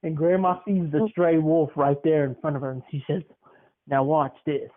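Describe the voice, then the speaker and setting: A man spins a rambling comic tale on a podcast and keeps laughing as he goes. His voice sits high. The audio is thin and tinny, like a phone line. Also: a little fast. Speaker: podcast co-host. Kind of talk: comedic storytelling.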